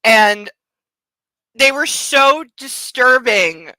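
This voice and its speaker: A woman's voice: a little high, expressive, very slow, sharp tone, no room sound, poor audio. A woman hosting a book show, chatting casually and laughing at herself. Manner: chatty and self-amused, with frequent laughs. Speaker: host. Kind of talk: casual chat.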